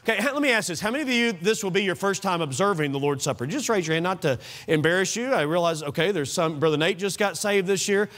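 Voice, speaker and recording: A male pastor preaching an evening sermon in a church, animated and conversational, asking the congregation questions. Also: high voice, quick pace, few pauses. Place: church sanctuary.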